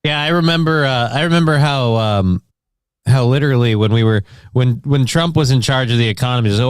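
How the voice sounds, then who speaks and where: A man co-hosting a talk show, firing off dry, deadpan jokes. His voice sits at a middle pitch. The sound is close and dry. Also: brisk, smooth, no echo. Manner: wry, deadpan quips. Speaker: co-host. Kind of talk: joking banter.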